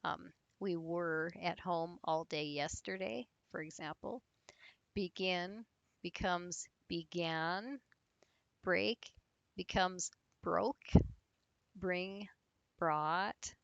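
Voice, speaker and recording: A woman's voice: on the low side, drawn-out words, gravelly, fairly bright tone, no room sound, highs cut off. A woman teaching English grammar, patiently explaining spelling rules and spelling words out letter by letter.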